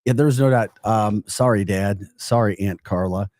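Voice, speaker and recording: Male talk host, St. Louis accent, rambling and excitable, dry studio sound. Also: fairly low pitch, normal speed, no echo. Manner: energetic, rambling, laughs a lot. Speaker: morning radio show host. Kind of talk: casual talk radio. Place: radio studio.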